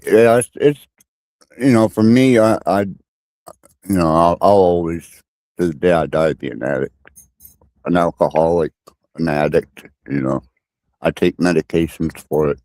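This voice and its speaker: A man speaking as a guest in a casual online panel chat, halting and blunt, often repeating words. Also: sits low, darkish tone, no room sound.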